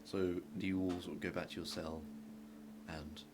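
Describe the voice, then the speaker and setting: A man's voice: sits low, normal speed. A man acting as game master, narrating scenes casually with many fillers. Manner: relaxed, casual, with frequent fillers. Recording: audible background noise.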